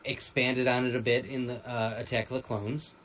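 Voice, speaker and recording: A man's voice: medium pitch, flat delivery, normal speed, a bit bright, a little hiss or hum, rough recording. Rambling man on a chat show. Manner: rambling, with repeated restarts. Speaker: podcast co-host. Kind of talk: casual pop-culture chat.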